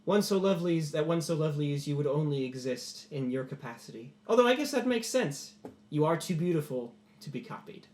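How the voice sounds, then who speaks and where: A man voicing a smooth-talking male envoy who speaks grandly and flatters. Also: a little high, fairly quick, roomy sound, close to an everyday voice. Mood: flattering.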